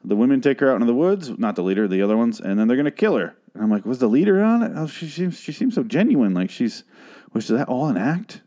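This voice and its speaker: A man's voice: mid-range voice, sing-song, fast, dark tone. A man hosting a podcast, recapping a TV episode in a rambling, sarcastic, profane way. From Phoenix, Arizona, USA. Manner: rambling, sarcastic, swears a lot. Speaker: podcast host.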